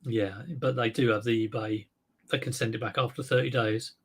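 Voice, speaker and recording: A man's voice: mid-range voice, steady tone, moderate pace, husky. A man hosting a casual live stream, chatting to viewers and thinking aloud, with frequent fillers and self-mocking asides. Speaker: eBay reseller livestream host.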